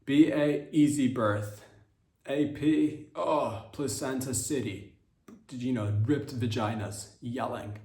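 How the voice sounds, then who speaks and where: A man delivering a rambling, irreverent comedic monologue as a podcast host, dropping into quick voices for quotes. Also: mid-range voice, darkish tone, reverberant.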